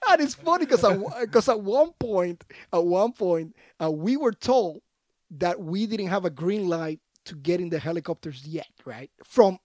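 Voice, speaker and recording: Animated man telling war stories. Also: high voice, a little slow, no echo, studio quality. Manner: animated, slangy, acts out other voices. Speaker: podcast guest, army veteran. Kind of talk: casual storytelling.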